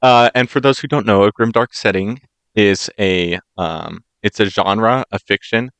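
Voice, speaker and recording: A man from the United States co-hosts a casual podcast and retells a fairy tale, slipping into playful voices for its characters. His voice sits a little low and sounds smooth and clear. The recording is dry, with no room sound. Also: measured pace, fairly bright tone, dry recording. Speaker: podcast co-host. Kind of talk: casual chat.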